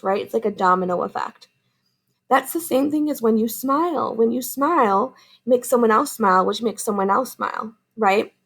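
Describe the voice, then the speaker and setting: A woman teacher reading a picture book aloud to her class, then gently explaining its lesson. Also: fairly high pitch, gravelly, breathy edge, rough recording. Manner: gentle, explaining, asks "right?".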